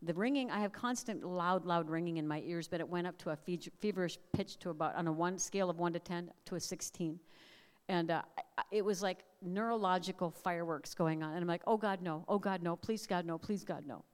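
A middle-aged woman speaking at a family camp, preaching earnestly in measured phrases and sharing personal testimony. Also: fairly low pitch, clean tone. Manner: earnest, prayerful, measured cadence with emphatic repeated lists. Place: large hall. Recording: long hall reverb.

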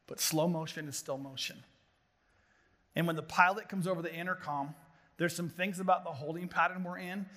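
A middle-aged man preaching a sermon to a gathering of pastors, telling animated stories with jokes. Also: on the high side. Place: large hall before an audience of pastors. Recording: long hall reverb.

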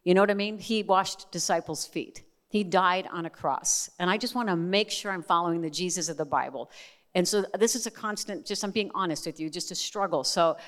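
A middle-aged Christian woman gives a testimony sermon to a live audience, speaking candidly with chatty asides. Her voice is fairly low and fairly quick, and the recording has a big-room sound.

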